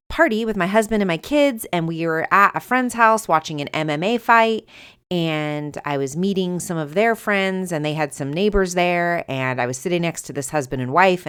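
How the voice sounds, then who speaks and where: Middle-aged woman, podcast host, low voice, animated personal storytelling with acted-out dialogue. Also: smooth. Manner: animated, acts out quoted dialogue.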